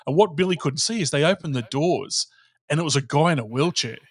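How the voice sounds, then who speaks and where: A man's voice: a little high, lively intonation, a little fast, slightly rough. A man, a podcast guest telling stories in casual chat and swearing freely.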